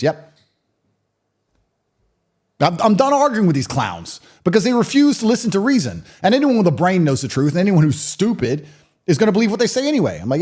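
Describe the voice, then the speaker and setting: Seated as a guest in an interview, a man in his thirties tells stories and states his opinions bluntly, provocatively and emphatically. He has a high, a little mellow voice that swings hugely in pitch, and he speaks fairly quickly.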